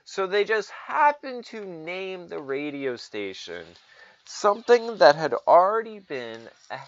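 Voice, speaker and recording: Man, ranting commentary, sarcastic, profane, lively pitch, muffled lo-fi audio. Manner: sarcastic, profane, mocking voices. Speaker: political commentator.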